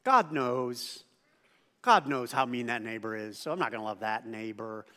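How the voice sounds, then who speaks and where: A man's voice: medium pitch, animated, moderate pace, bright, forceful tone. A man preaching a sermon as pastor, talking conversationally, asking the congregation questions and acting out quoted voices. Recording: church hall with long reverb.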